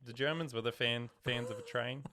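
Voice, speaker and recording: A man's voice: mid-range voice, steady tone, a little fast, creaky, bright, forceful tone. A young man co-hosting a podcast, chatting casually and joking, often laughing and slipping into silly voices. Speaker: podcast co-host. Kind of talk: casual chat.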